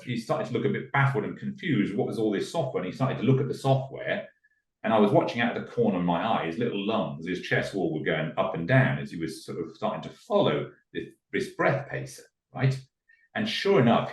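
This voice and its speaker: Guy telling a story, lively swoopy delivery, lowish voice, bit roomy and off mic. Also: recorded from a distance. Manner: acts out the people in his story in raised voices. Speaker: podcast guest. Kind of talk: animated storytelling. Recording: echoey room, a little off mic.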